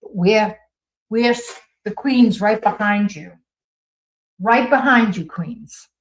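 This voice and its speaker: A woman's voice: medium pitch, slow, rough recording. Woman, Boston accent, livestream host, casual chat, reads comments aloud, upbeat and gushing. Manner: reads viewer comments aloud and responds chattily.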